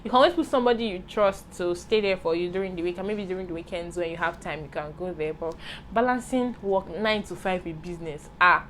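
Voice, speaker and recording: A woman's voice: fairly low pitch, quick pace, fairly bright tone, a little hiss or hum. A young Nigerian woman with a Nigerian accent, chatting playfully through a casual Q&A vlog and dropping into pidgin and Yoruba asides. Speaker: vlogger.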